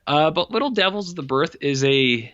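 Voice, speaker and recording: Speaking at normal speed in a slightly high, animated, somewhat bright voice, a man co-hosting a podcast recounts the plot of a horror movie. He rambles, uses "like" heavily as filler, and voices the characters' lines. The recording is dry, from a dull lo-fi podcast mic.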